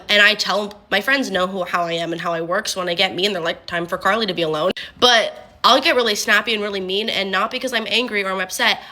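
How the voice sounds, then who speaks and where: A woman's voice: mid-range voice, sharp tone. A young woman talking casually and bluntly to her viewers, swearing freely. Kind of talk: casual monologue.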